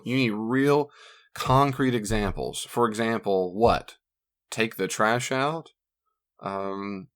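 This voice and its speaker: A man with a fairly low voice gives marriage advice in a relaxed teaching talk. He is animated and slips into the voices of the people he quotes. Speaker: marriage counselor.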